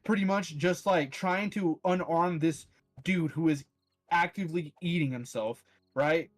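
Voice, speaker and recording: A man's voice: fairly high pitch, measured pace, soft background music. A man with a slightly raised voice telling a story off the cuff. He rambles, restarts his sentences and swears freely. His talk is casual and full of filler words. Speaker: podcast host.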